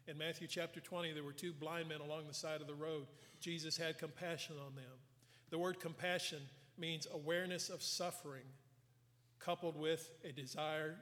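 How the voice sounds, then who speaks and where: An earnest man preaching in a church sanctuary, his slightly high voice carrying a long hall reverb. He retells scripture with voiced quotes and drops soft for emphasis. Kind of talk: sermon.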